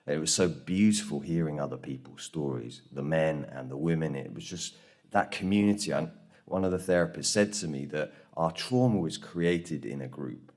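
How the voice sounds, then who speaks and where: A man's voice: rumbling low, moderate pace. A man from England telling the story of making his documentary in a conference talk, acting out the people he quotes. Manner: animated storytelling, acts out quoted voices. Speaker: conference speaker. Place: conference room.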